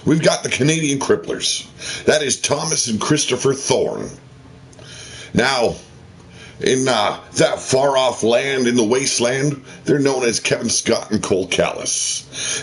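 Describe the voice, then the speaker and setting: A man hosting a wrestling video game show, in a theatrical ring-announcer delivery with swearing asides. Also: medium pitch. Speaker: host of a wrestling game channel.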